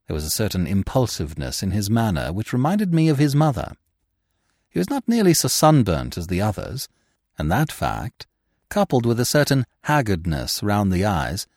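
Guy narrating a classic story, expressive, voice goes up and down a lot, no room echo. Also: on the low side, studio quality. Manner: expressive, dramatic reading. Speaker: podcast narrator. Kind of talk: scripted audiobook narration.

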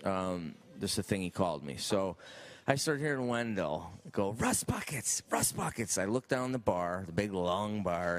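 Deep-voiced man telling a comic story. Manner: animated, acts out quotes. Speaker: comedian. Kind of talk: stand-up storytelling.

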